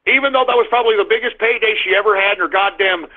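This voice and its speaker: A male talk radio host ranting in a crude, loud, combative way. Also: high-pitched, very fast. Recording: tinny phone-like sound.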